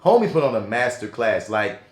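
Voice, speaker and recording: Man, lowish voice, slangy casual film talk, echoey room. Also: brisk. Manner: animated, slangy, profane, swings between loud and soft. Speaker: podcast co-host, film reviewer. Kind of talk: casual film review chat.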